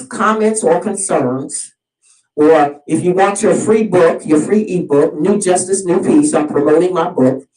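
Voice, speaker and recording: A woman's voice: mid-range voice, a little mellow. A woman delivering an impassioned solo monologue as host of her own video series, preachy and fired up, often repeating and restarting her phrases. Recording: roomy sound, mic at a distance.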